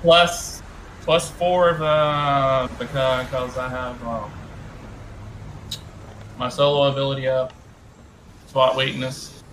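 A man's voice: medium pitch, fairly even intonation, slow, pauses often, fairly bright tone, a little hiss or hum, low-quality recording. A man playing a tabletop game, speaking briefly and matter-of-factly. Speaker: player. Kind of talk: casual tabletop game play.

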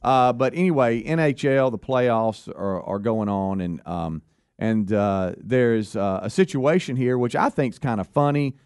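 A man's voice: mid-range voice, measured pace, darkish tone, clean tone, no echo, studio quality. Rambling radio co-host man. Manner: rambling, many fillers and restarts. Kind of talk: casual radio banter.

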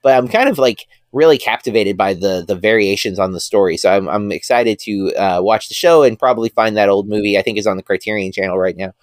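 This man's fairly low voice moves briskly with hardly any pauses, recorded in studio quality with no room sound. He's co-hosting a podcast, chatting casually and rambling through filler-heavy talk about films he's keen on.

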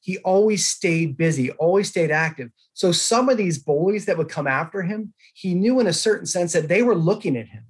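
Earnest storytelling man, fairly high voice. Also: moderate pace, hardly any pauses, husky. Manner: earnest, storytelling, animated emphasis. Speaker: podcast guest, author. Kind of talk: conversational interview.

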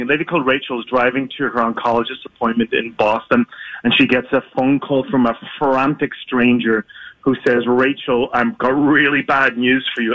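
A man's voice: mid-range voice, a bit bright, no echo, dull audio. A man with an Irish accent, an author guest talking chattily about his book in a radio interview from his apartment. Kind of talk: radio interview by remote line.

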